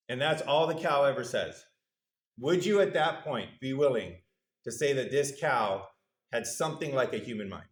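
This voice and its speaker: A man's voice: mid-range voice, moderate pace. A male university lecturer giving a conversational, good-humored lecture, putting questions to the audience in a lecture hall.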